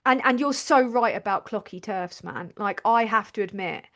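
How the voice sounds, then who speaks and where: A woman's voice: medium pitch, normal speed, fairly bright tone. A woman hosting a livestream, talking in a blunt, sweary, ranting way about politics. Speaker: livestream host. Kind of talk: casual political chat.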